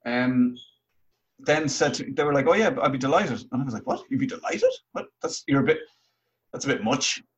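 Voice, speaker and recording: Husky man, lo-fi call audio. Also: mid-range voice. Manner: joking, deadpan teasing. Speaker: podcast host. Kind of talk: casual chat over a video call. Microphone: video call.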